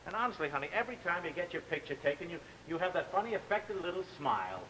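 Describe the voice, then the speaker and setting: Bossy eager 50s sitcom husband, talks fast and kinda high, coaxing everyone. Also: male voice, sing-song, sharp tone, slight background noise, rough recording. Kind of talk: 1950s sitcom acting.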